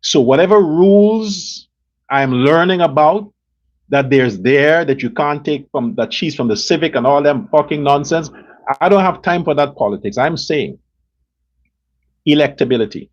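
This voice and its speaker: A man's voice: on the high side, moderate pace, slightly rough. A man with a Guyanese accent ranting bluntly and profanely about politics as a show host, hammering his points over and over. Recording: dull lo-fi sound.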